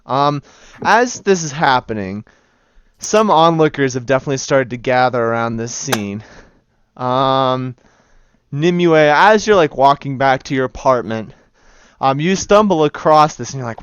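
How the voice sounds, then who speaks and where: Laid-back male game master, crisp voice. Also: mid-range voice, expressive, moderate pace, no echo, highs cut off. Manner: casual, laughing, voices many figures. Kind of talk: narrating a tabletop game.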